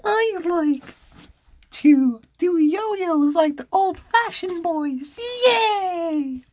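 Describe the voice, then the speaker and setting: A woman voicing a young schoolboy with a very high-pitched, squeaky voice, eager and pleading with his teacher. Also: animated, very slow, darkish tone, full character voice.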